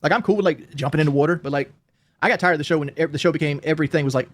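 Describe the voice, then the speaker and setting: Very fast-talking complaining man. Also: a little high. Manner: complaining, listing grievances, restarts. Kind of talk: casual stream talk.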